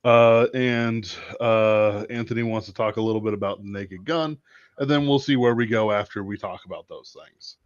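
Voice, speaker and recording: A man hosting a casual livestream chat, laying out the topics in a relaxed way before handing over to a co-host. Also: fairly low pitch, normal speed, no room sound. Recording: dull, lo-fi, dry sound.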